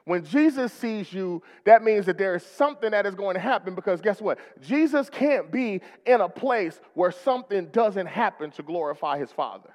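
Preacher, male, rousing sermon with call-and-response, high and lively voice, long church reverb. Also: moderate pace, hardly any pauses. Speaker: pastor.

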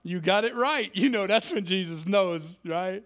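A man's voice: high voice, unhurried, few pauses. A man from the inner city preaching a sermon in a church, telling stories and acting out the voices of the people in them. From Cleveland inner city. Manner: lively storytelling, acts out quoted voices. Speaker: guest preacher.

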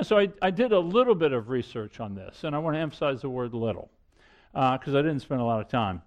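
A middle-aged man preaching a sermon, earnest, repeating himself and shifting suddenly between loud and hushed. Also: sits high. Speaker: pastor.

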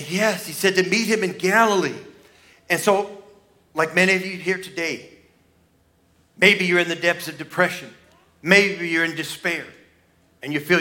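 A man preaching in a church, telling the story with drama and playing out the voices he quotes. His voice rides a little high and rings bright and forceful, jumping from near-shouts down to hushed asides. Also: a little slow, pauses often. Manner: dramatic storytelling, swinging between loud outbursts and hushed asides. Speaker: pastor. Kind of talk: Easter sermon.

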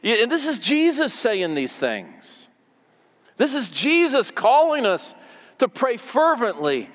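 A man's voice: very high-pitched, wildly swooping pitch, slow pace, fairly bright tone, big-room sound. A man preaching a sermon as pastor, conversational and repeating words for emphasis.

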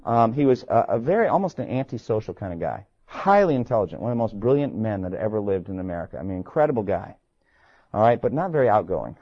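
Mellow-voiced man lecturing a class. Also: mid-range voice, highs cut off. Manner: conversational, emphatic, asks the class questions. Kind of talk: classroom lecture, reading sermon passages aloud.

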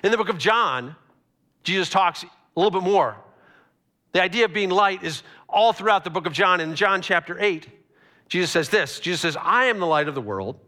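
A man preaching a sermon as a pastor, telling stories with animated, acted-out quotes. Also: high-pitched, normal speed.

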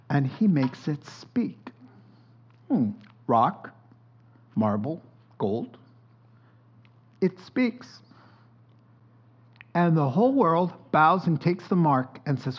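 A man preaching a sermon in a conversational, animated way, with playful asides to his listeners, on a dull lo-fi recording. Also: on the high side. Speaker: pastor.

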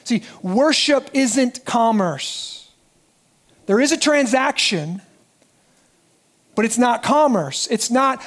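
A man preaching a sermon as pastor, animated and dropping his voice low and quiet for emphasis. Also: takes it slowly, pauses often. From United States.

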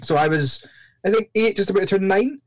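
A man's voice: sits high, fairly quick. A man from Northern Ireland with a mixed Northern Irish and Glaswegian accent, chatting and joking as a church-planter guest on a podcast. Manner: chatty and joking, with lively shifts into mimicked accents. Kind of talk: casual podcast conversation.

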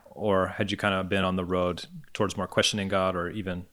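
A low-pitched man hosts a casual conversation, firing off quick, curious questions. He talks fast and keeps things moving. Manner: energetic, probing questions, quick talk. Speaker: podcast host. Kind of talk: casual interview chat.

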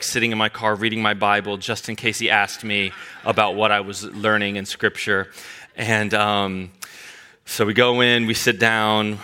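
A man preaching a sermon, telling a humorous personal story with animated delivery. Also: fairly low pitch. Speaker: pastor.

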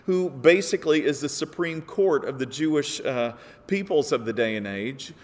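A man preaching a sermon with a slightly high voice. He explains patiently, then lifts to emphatic peaks on key quotations. His voice rings out with a long hall reverb. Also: lively intonation, normal speed. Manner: earnest, builds to emphatic peaks when quoting. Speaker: pastor.

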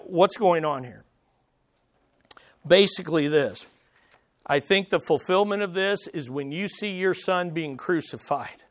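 A man preaching a sermon to a congregation, emphatic, swinging between loud stresses and hushed lines. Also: on the high side, no room sound. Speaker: pastor. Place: church sanctuary with congregation.

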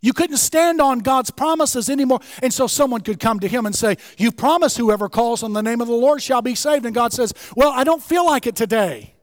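High-voiced man preaching with fervor. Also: fairly quick, few pauses, no room sound, studio quality, big-room sound. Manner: impassioned preaching, rising to shouts. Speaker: pastor. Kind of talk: sermon. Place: church sanctuary.

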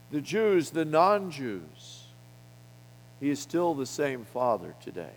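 Emphatic middle-aged male preacher in a reverberant hall. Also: fairly high pitch. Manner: bold, emphatic preaching with wide swings in loudness. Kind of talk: sermon.

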